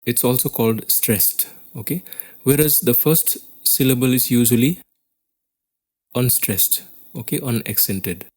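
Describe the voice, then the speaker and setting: A man's voice: mid-range voice, measured pace, darkish tone. A man with an Indian English accent teaching a class lesson on poetry, explaining step by step and often checking in with "okay?".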